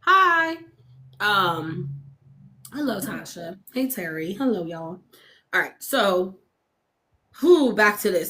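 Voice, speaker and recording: A woman vents bluntly on her livestream, cursing heavily in casual talk through a streaming mic. Her medium-pitched voice is bright and forceful, with big pitch swings, a slow pace and frequent pauses. She speaks emphatically and keeps asking viewers whether they follow her and agree.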